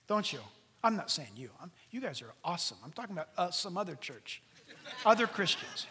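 A man with a very high, bright voice preaches a lively sermon. He acts out other people's voices in sudden high shouts. His voice carries a long hall reverb. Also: normal speed, slightly rough. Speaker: pastor.

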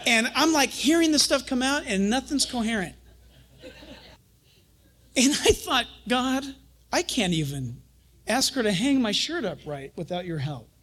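A pastor and Bible teacher giving a sermon, telling stories in an animated way, chuckling often and acting out quotes. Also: male voice, very high voice, measured pace, long pauses.

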